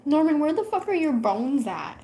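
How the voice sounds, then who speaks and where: Woman, vlogger, casual chat, profane teasing, slightly high voice. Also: very animated, moderate pace, warm tone. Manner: profane, teasing talk to her cat.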